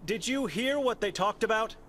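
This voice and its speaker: An actor playing an earnest monk investigator in a video game, asking polite, gently probing questions. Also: male voice, sits high, lively intonation, normal speed, slight background noise. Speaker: game character.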